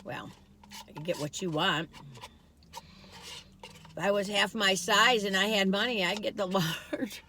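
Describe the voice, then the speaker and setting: Bright, chatty older woman vlogger. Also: medium pitch, measured pace, pauses often. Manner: chatty, rambling, wandering storytelling; lively swings between loud excited bursts and quiet musing. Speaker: food vlogger. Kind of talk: casual taste-test chat.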